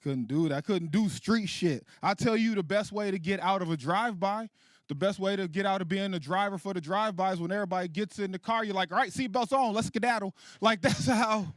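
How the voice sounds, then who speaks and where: A man in his late thirties doing a stand-up comedy set, animated and profane, laughing at his own jokes. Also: sits high, fairly quick, no room sound, clean studio sound. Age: 30s. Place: comedy stage.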